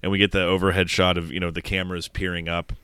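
A man with a very low, smooth voice riffs through a movie recap, swearing freely and laughing at the plot. He sounds close to the mic in a dry, dead room. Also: little pitch movement, fast talker, bright, forceful tone, dry recording. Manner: profane, joking, recaps scenes. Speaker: podcast co-host. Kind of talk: casual movie review chat.

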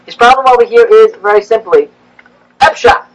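A man, a rabbi, giving a classroom lecture, animated and rising in pitch as he acts out the prophets' complaints. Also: normal speed, poor audio.

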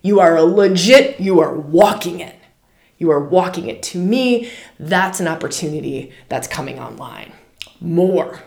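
A woman hosting a spiritual podcast in a casual, animated way, often repeating words and phrases for emphasis. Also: lowish voice, a little slow, vocal fry. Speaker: podcast host. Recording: roomy echo.

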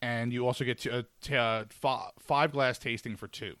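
A man's voice: medium pitch, fairly even intonation, moderate pace, a bit bright, smooth, no echo, studio quality. A man co-hosting a casual beer podcast, chatty and joking, often correcting himself mid-sentence. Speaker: podcast co-host reviewing beer. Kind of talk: casual chat.

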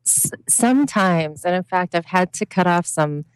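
A woman co-hosting a podcast in casual chat, measured and reflective with halting phrasing. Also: on the low side, expressive, smooth, dry recording, low-quality recording. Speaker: podcast co-host.

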